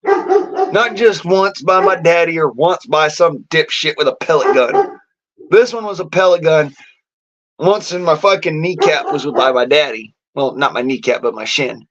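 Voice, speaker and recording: A man's voice: fairly high pitch, sing-song, a little slow, noisy background. A man delivering a defiant, boastful rant to camera, swearing heavily. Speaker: vlogger. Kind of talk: profane angry rant. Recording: dull lo-fi audio.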